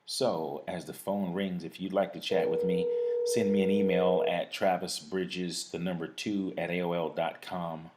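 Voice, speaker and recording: A man's voice: sits low, flat delivery, unhurried, a little mellow, a little hiss or hum. A man hosting a live talk show, reading out a reflective piece in an earnest, preachy way and chatting casually with a phone guest.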